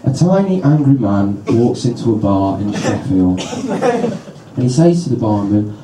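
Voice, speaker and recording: A man's voice: mid-range voice, sing-song, unhurried, dark tone, far from the mic, slight background noise. A man doing a stand-up comedy set on a handheld mic, exasperated and repeating himself at a pretend audience member. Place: comedy venue with a live audience. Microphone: handheld stage mic. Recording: echoey live room, crowd audible.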